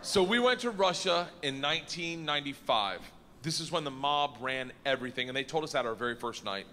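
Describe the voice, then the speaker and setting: A man's voice: fairly high pitch, lively intonation, fairly quick, pushed and bright. A man doing stand-up storytelling on a comedy stage, brash and profane, laughing at his own jokes. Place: comedy stage before a live audience. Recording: reverberant live venue.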